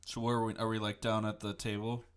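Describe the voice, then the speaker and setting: A man's voice: lowish voice, little pitch movement, fast. A man playing in a tabletop game, asking questions casually with lots of fillers. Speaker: player.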